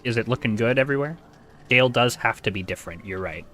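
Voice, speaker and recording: A man's voice: medium pitch, lively intonation, fast talker, bright, forceful tone, faint music behind. A man streaming a video game, chatting casually with a wry, self-deprecating manner into a desk microphone.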